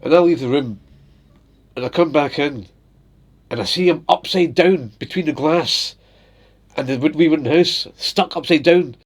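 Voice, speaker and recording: A man's voice: on the high side, normal speed, long pauses, breathy edge. A young adult man casually telling funny stories about his pet and his workplace, laughing often and slipping into little voices. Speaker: vlogger. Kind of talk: casual storytelling.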